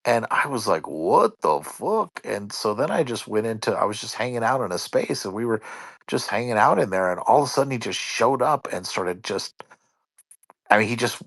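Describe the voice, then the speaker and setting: A man with a fairly low voice tells a story in a casual online voice chat. He talks in an animated way and swears freely. The sound is close and dry, with no room on it. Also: fairly quick, no echo.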